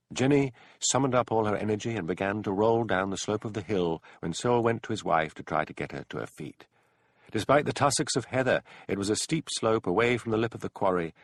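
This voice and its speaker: A man narrating a mystery audiobook in an expressive storytelling voice, close to a studio mic. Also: fairly low pitch, dry recording.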